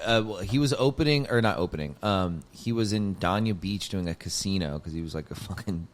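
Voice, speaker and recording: Rambling low-voiced young man telling a story. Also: fairly quick. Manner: rambling, heavy on "like" and swearing, gets loud and high when excited. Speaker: podcast host, comedian. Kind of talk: casual storytelling chat.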